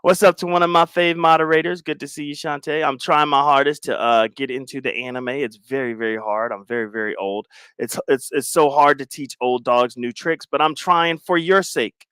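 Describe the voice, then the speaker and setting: A middle-aged man hosting a livestream, chatting loosely with viewers in slangy banter and giving them shout-outs. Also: mid-range voice, clean tone, no echo. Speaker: livestream host greeting chat. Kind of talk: casual livestream chat.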